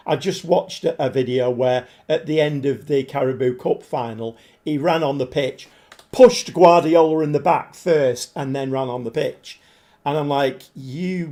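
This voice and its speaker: A man live-streaming a game, chatting to viewers and getting easily frustrated, his voice a bit hoarse. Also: medium pitch, warm tone. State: voice struggling, slightly hoarse. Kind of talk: live-stream commentary while playing.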